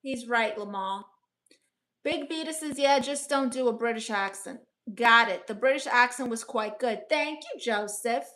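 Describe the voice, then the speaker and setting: Reading out viewers' comments in her brash-aunt persona, a comedian hosting a casual live stream offers advice that's blunt, teasing, and sassy in a playful way. She speaks a little slowly, in a fairly high, slightly bright voice.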